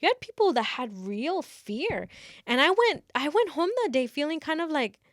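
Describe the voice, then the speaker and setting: Animated young woman telling a story. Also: sits high, moderate pace, no room sound, studio quality. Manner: animated storyteller who acts out quotes, mixes in Spanish phrases. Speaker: podcast co-host. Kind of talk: casual storytelling chat.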